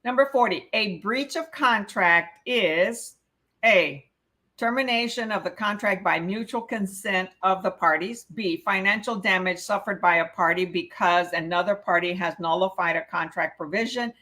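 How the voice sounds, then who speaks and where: A woman's voice: mid-range voice, moderate pace, pushed and bright. A woman teaching a live real estate exam prep class, reading questions aloud and explaining the answers, often checking in with "okay?".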